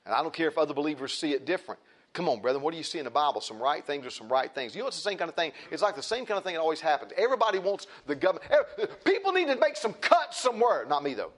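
A man's voice: a little high, lively intonation, racing, a bit bright. A man preaching a sermon, emphatic and repetitive, with folksy asides to the congregation.

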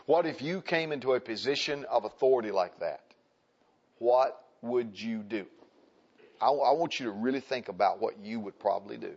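A man of middle pitch delivers a conversational sermon to a congregation in a church, reading scripture aloud and repeating key phrases for emphasis. The recording is slightly muffled and dull. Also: moderate pace, darkish tone, husky. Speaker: preacher.

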